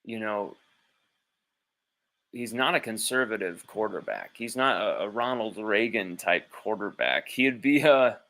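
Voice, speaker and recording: A sports podcast host streams from home while his child is nearby, talking in a rambling, blunt, casual way and swearing easily. He speaks a little slowly in a lowish voice, animated and with a sharp tone.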